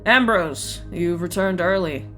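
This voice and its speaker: A woman's voice: fairly low pitch, a little slow, bright, forceful tone, faint music behind. A woman voicing a stern, grim male elf guard captain who speaks in a curt, weary, formal way.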